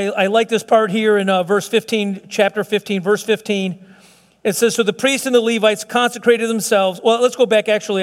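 A middle-aged pastor with a high voice delivers a sermon in a casual, joking manner, stumbling and restarting as he goes. His voice carries a long church reverb. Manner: conversational, playful asides with many restarts.

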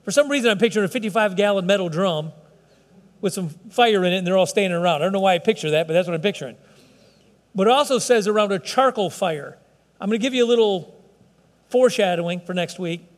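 High-voiced preacher in a reverberant church. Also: male voice. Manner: conversational preaching, asks the congregation questions. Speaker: pastor. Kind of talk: sermon. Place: church, broadcast service.

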